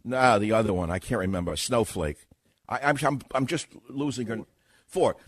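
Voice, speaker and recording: A man's voice: fairly low pitch, normal speed. An older man hosting a talk radio show, delivering a sarcastic, mocking monologue and acting out a mock questioning.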